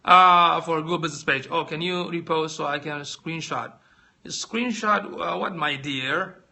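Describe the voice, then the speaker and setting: High, sharp-voiced chatty man. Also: unhurried, vocal fry. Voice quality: squeaky voice. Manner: chatty, addresses viewers directly, asks many questions. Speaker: live stream host. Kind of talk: casual live tech walkthrough.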